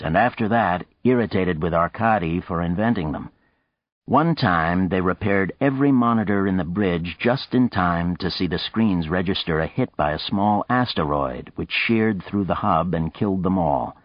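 Deep-voiced man narrating a novel. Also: no room sound, lo-fi sound. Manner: measured, even storytelling. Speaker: audiobook narrator. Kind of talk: scripted narration.

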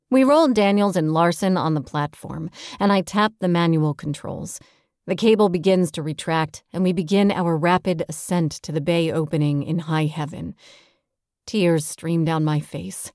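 A woman reading a first-person audiobook with steady, tense storytelling. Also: fairly low pitch, moderate pace, no room sound, clean studio sound. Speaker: audiobook narrator.

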